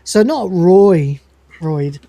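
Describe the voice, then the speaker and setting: Sick, animated man retelling an episode. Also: high voice, extremely slow, vocal fry, dry recording. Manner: animated, acts out scenes with lots of "he goes". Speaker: podcast host. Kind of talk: casual chat, retelling an episode.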